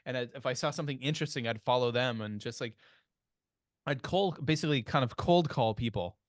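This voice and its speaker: A man's voice: medium pitch, fairly quick, dry recording, clean studio sound. A man with a Canadian accent hosting a podcast, telling stories in a chatty way with many restarts. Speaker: podcast host. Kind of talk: casual podcast chat.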